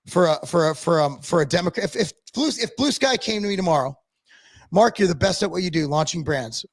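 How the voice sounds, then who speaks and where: A man's voice: sits high, no room sound. A man co-hosting a casual live-stream talk show, ranting bluntly with lots of swearing and restarts. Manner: blunt, profane, rapid rambling with restarts. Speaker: podcast co-host. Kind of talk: casual chat.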